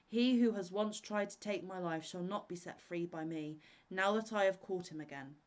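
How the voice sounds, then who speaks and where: Bold young scholar son read by a woman, calm, fearless, reassuring, storybook. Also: on the low side, moderate pace, natural voice.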